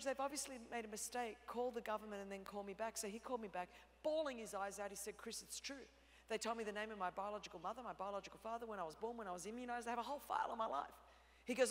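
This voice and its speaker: An Australian woman delivers a sermon in a bright, forceful voice. She tells stories with humor and swings between hushed tones and shouting. Her voice rings out through a large hall with a long reverb. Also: high-pitched. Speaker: preacher.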